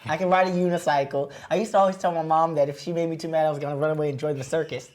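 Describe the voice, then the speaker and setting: A man's voice: a little high, fairly even intonation, rapid-fire, darkish tone. A man in his twenties, a guest actor chatting in an upbeat, enthusiastic, joking way. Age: 20s. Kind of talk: casual TV chat.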